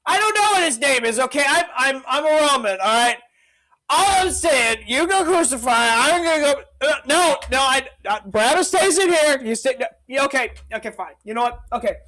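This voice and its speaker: A man's voice: very high voice, animated, fairly quick, bright, forceful tone, exaggerated voice, rough recording. A man voicing a hungover, fed-up male Roman governor who rambles and begs to be left alone. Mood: exasperated.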